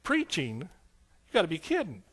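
Middle-aged male pastor, fairly high voice, emotional testimony sermon, hushed then loud. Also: wildly swooping pitch, unhurried, husky. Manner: emotional, tearful at times, swings between hushed and loud exclamations.

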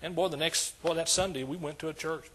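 A man's voice: on the high side, fairly even intonation, fairly quick, sharp tone, slight background noise. An older man preaching a sermon as pastor, emphatic and repetitive in his cadence.

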